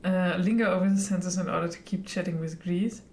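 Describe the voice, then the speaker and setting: A woman's voice: lowish voice, steady tone, brisk, darkish tone, slight background noise. A woman streaming a narrative game, reading its text aloud and chatting with frequent giggles. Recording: roomy echo with faint music.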